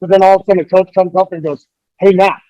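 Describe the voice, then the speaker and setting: A man's voice: high voice, steady tone, racing, mellow, muffled recording. A man from the United States, a guest on a podcast, talking in a fired-up, emphatic way with frequent swearing in casual chat.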